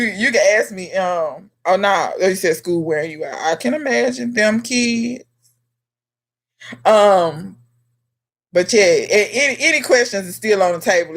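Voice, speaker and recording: A home gardener hosting a casual live question-and-answer stream, chatting straight to viewers by name and scolding them in a teasing way. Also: medium pitch. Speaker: livestream host and home gardener.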